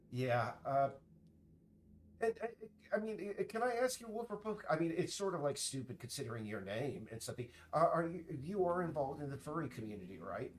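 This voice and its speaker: A man streaming, chatting casually in a rambling, halting way full of restarts while he works. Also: on the high side, big pitch swings, slight background noise. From United States.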